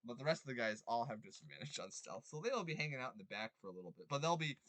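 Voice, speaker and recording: A young man running a tabletop game as game master, rambling with many ums and quick apologies. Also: medium pitch, sing-song, a bit bright, no room sound.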